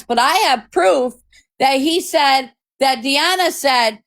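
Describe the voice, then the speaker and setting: A woman's voice: high voice, takes it slowly, a bit bright. A woman ranting heatedly to her viewers into a phone, swearing often and repeating her points. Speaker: TikTok creator. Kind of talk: confrontational rant to viewers.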